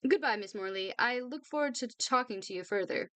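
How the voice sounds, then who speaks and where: A woman voicing a poised female book editor who speaks politely and measured, in a read-aloud novel. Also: on the high side, fairly bright tone, no echo, close to an everyday voice.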